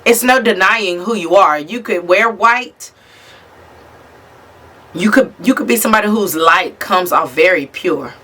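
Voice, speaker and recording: A woman's voice: mid-range voice, expressive, unhurried, pushed and bright, husky. A woman giving a casual tarot reading straight to the viewer, talking bluntly and swearing freely. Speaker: tarot reader. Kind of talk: casual spiritual reading to camera.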